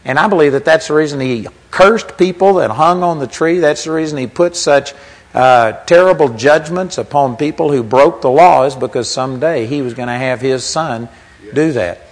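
Conversational preacher man, higher voice. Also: moderate pace, poor audio. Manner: conversational teaching, reads scripture aloud. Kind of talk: sermon.

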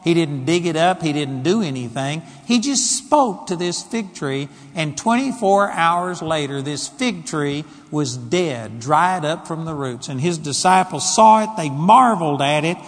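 A man preaching a sermon as pastor, dramatic and emphatic, swinging between quiet and loud delivery. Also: on the high side, animated, unhurried, hardly any pauses, long reverb tail.

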